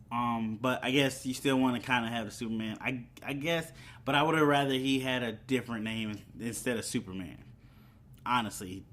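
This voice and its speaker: A man hosting his own channel, giving a casual, rambling movie review with many ums and restarts. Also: mid-range voice.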